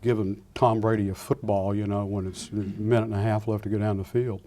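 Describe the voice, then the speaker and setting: An older man, a retired Air Force pilot, giving a lecture full of anecdotes and acting out the dialogue with lively restarts. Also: lowish voice, brisk. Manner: animated storyteller acting out dialogue, frequent restarts.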